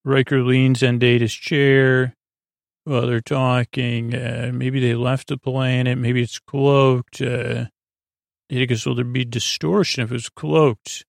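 A podcast host recaps an episode's story in loose, casual chat, his mid-range voice gravelly and creaky. He stumbles, fills pauses with many fillers, and quotes characters in a plain voice, his delivery flat and even. The recording is close on a dry mic with no room sound.

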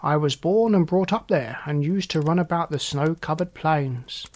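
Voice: mid-range voice, moderate pace, a little mellow, slight background noise, close to an everyday voice. A proud reindeer speaks eagerly of his snowy homeland, as a storyteller reads his part. The voice stays near the reader's own, plain and earnest.

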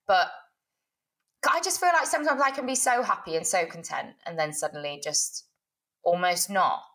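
A woman's voice: fairly low pitch, normal speed, a bit bright. A young woman co-hosting a podcast, rambling in casual chat with lots of fillers and giggles. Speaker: podcast co-host.

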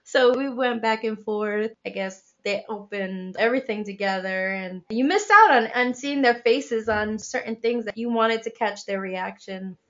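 A woman co-hosting a podcast, chatty and quick to laugh, animated as she tells stories in casual chat. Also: mid-range voice, highs cut off. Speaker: podcast co-host.

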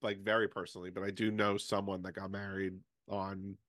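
A man co-hosting a podcast who breaks in with teasing questions and quick reactions. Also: low-pitched, little pitch movement, a bit bright, no room sound, clean studio sound. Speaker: podcast co-host. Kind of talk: casual chat.

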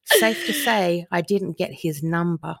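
A woman's voice: on the low side, sing-song, unhurried, gravelly, slightly rough, dry recording, clean studio sound. A woman co-hosting a chatty podcast, reading stories aloud in an amused manner and laughing often.

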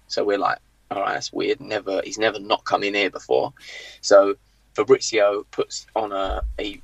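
A man, a former footballer, telling an anecdote on a podcast, animated and acting out the dialogue, with frequent "like" fillers. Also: on the low side, no room sound, dull audio. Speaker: former professional footballer, guest. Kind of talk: podcast storytelling.

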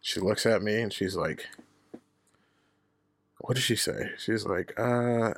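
Man, podcast host, low gravelly voice, lively swinging delivery, casual profane storytelling. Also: a little fast, no room sound, clean studio sound. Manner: profane, candid, laughs at himself.

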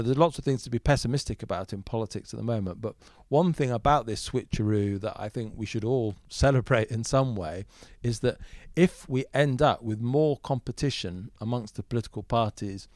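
A man in a podcast interview, answering as a political commentator in a measured, thoughtful way with frequent fillers. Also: mid-range voice, a little mellow, no room sound, clean studio sound.

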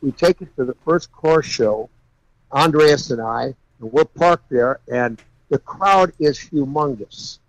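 A man guest, a custom car builder, telling folksy, animated stories and laughing along the way. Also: mid-range voice, slow pace, dry recording, poor audio. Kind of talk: anecdotal storytelling.

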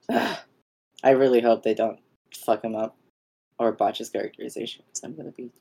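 A young woman co-host with an extremely deep voice talks loosely and fast-thinking, piling on "like" and swearing as she rants. Her tone is plain and unhurried, casual podcast chat. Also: steady tone, vocal fry, mellow. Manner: ranting, heavy use of "like" and swearing.

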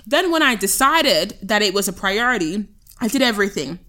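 Bright-voiced chatty woman. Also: medium pitch, moderate pace. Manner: chatty, expressive storytelling with many fillers. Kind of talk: casual chat.

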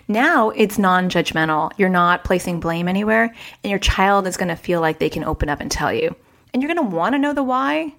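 A woman who works as a child therapist, hosting a parenting advice podcast in a chatty way and acting out the quoted dialogue with jumps in pitch. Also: lively intonation, a little fast, fairly bright tone.

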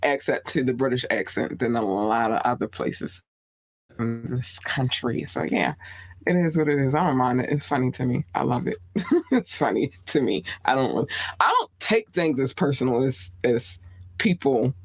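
A woman podcast host with a Baltimore accent, chatting casually and bluntly in a small home studio, her voice swooping up high when excited. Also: normal speed, no echo. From Baltimore, USA. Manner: laid-back, blunt, frequent "um" and laughter. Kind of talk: casual podcast sign-off chat.

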